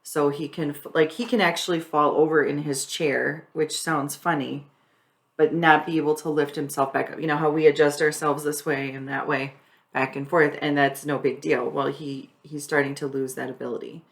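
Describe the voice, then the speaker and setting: A woman's voice: deep voice, flat delivery, moderate pace, gravelly. A middle-aged woman explaining her husband's care plainly in casual chat, laughing often. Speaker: wife and caregiver explaining hospice care.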